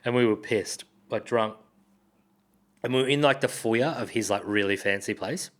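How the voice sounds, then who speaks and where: A man's voice: fairly low pitch, moderate pace. Profane man telling tales. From Australia. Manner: profane, laughing, animated retelling. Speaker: guest comedian. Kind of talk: casual storytelling.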